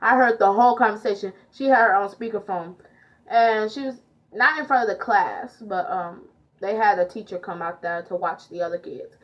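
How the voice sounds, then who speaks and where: A woman's voice: mid-range voice, normal speed. A teenage girl telling a storytime vlog, chatty and full of fillers as she retells it. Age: teens. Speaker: vlogger. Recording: dull lo-fi audio.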